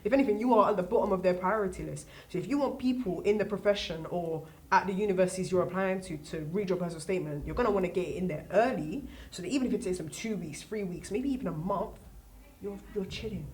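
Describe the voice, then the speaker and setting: A woman's voice: mid-range voice, quick pace, darkish tone. A teenage girl, a student guest, giving emphatic advice in casual chat, repeating her points and asking rhetorical questions. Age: late teens.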